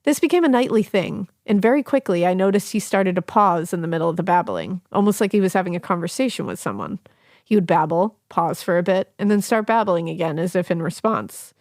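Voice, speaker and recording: A woman's voice: fairly low pitch, animated, fairly quick, a little mellow, no room sound, clean studio sound. A woman co-hosting a podcast, reading a listener's ghost story aloud with laughing asides and casual swearing.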